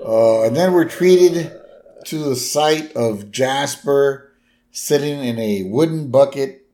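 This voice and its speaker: Man, podcast co-host, casual chat, mid pitch, pauses to find words. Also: dark tone, slight background noise.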